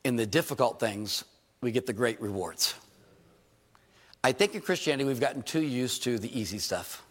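A man preaching a sermon in a church, animated and joking, with rhetorical questions to his congregation. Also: medium pitch, normal speed, slightly rough. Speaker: pastor. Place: church hall. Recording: reverberant church hall.

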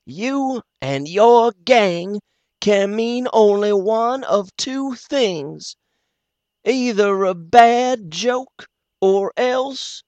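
A man reads as an ironic, quick-minded doctor cornered by an angry crowd, his voice lifted high and drawn out slowly. Each word is placed with theatrical mockery, in a dry, close audiobook sound. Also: lively intonation, a little mellow, dry recording, lo-fi sound, exaggerated voice. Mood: grave. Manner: high, slow, mocking and theatrical. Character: sharp-witted male doctor facing a mob, ironic. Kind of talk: audiobook character voice.

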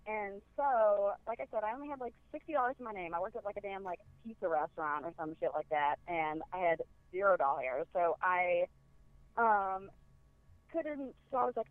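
A woman's voice: medium pitch, lively intonation, brisk, no echo. Young Southern woman, chatty caller, tinny dry phone line. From American South. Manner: chatty storyteller with fillers. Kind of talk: casual phone chat.

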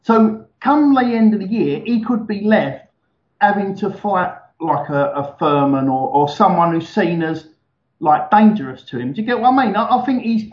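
A man's voice: high voice, expressive, normal speed. Rambling man on an echoey, dull call line. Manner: rambling, hedging with fillers. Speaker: guest on a call. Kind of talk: casual chat.

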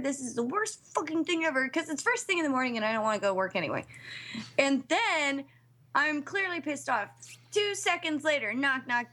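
A woman telling a crude story in casual podcast chat, swearing freely and laughing. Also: high-pitched. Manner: profane, animated storytelling with laughs. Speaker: podcast co-host.

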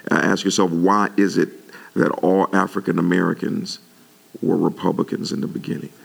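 A male pastor delivering an animated sermon, his pitch jumping up when he gets worked up. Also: normal speed, vocal fry.

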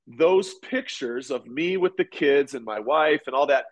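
A man in his forties, a former ballplayer, telling stories in a relaxed, rambling way during an interview. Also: mid-range voice, measured pace. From United States. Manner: relaxed, rambling, many restarts. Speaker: podcast guest, former pitcher and golfer. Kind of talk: casual interview storytelling.

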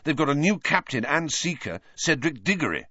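A man's voice: fairly high pitch, sing-song, fairly quick, sharp tone, breathy edge, dry recording, voice pushed up, exaggerated voice. A man reading aloud voices an obsessive teenage boy team captain who speaks urgently and insistently. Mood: intense. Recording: dull lo-fi dry recording.

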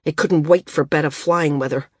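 A woman voicing a gentle male island healer who speaks in a calm, measured way, with a husky voice. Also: low-pitched, dry recording, clean studio sound. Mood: bitter. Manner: calm, measured and bitter at times.

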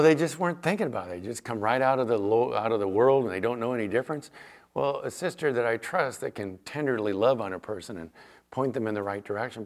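Middle-aged male pastor, sermon delivery, animated storyteller who acts out quotes, mid-pitched voice.

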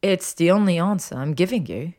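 A woman's voice: on the low side, expressive, brisk, a little mellow, natural voice. Draco Malfoy, a dry sarcastic wizard, as a woman reads him. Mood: sardonic. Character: sardonic young male wizard, cocky and angry. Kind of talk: audiobook character voice.

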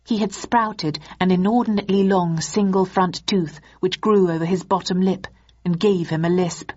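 A woman narrating an audiobook in the first person in a steady storytelling manner. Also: lowish voice, normal speed. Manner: steady storytelling, voicing characters. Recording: dull lo-fi audiobook recording.

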